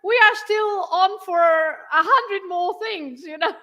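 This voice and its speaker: A woman's voice: very high voice, slow. A woman from Portugal with a Portuguese accent, chatting as a guest about language and culture, often laughing. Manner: laughs often, warm and lively. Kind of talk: casual chat.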